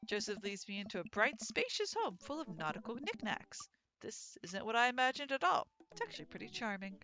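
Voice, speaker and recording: A woman playing a dating game on stream, chatting and telling stories in an animated, casual way. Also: a little high, fairly quick, faint music behind. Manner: animated, chatty, swears and laughs. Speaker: let's play streamer. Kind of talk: casual gameplay commentary and storytelling.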